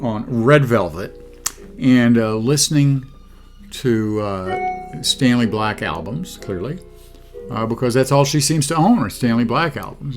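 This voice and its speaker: A man in his sixties from southeast Missouri, hosting a record review with dry sarcastic jokes and many halting filler sounds. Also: fairly low pitch. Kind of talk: casual monologue to camera.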